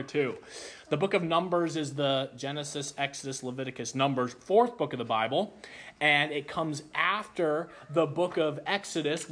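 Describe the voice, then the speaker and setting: A man preaching a sermon, telling a childhood story with animated delivery before explaining a Bible passage. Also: a little high. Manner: animated storytelling, acts out voices.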